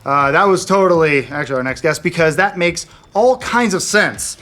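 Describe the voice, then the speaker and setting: A man's voice: a little high, normal speed, bright, forceful tone. A man co-hosting an entertainment news show, trading sarcastic wisecracks in jokey banter. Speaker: co-host.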